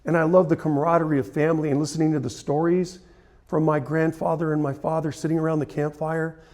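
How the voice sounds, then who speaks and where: A man's voice: on the high side, flat delivery, fast, a little mellow. Man telling an earnest, emotional story. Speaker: photographer giving a talk. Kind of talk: storytelling presentation. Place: conference hall.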